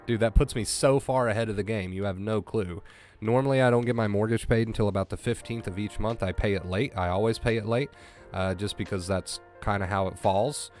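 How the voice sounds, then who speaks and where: A man's voice: fairly low pitch, fairly quick, a little mellow, soft background music. Emotional male streamer, voice breaking. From US East Coast. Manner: emotional, effusive thanks to viewers. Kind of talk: casual live-stream chat.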